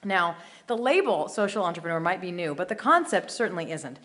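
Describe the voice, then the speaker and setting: A woman's voice: fairly low pitch, very animated, brisk, fairly bright tone. A woman hosting a conference, reading a prepared introduction of the next speaker with a few light asides. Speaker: conference host.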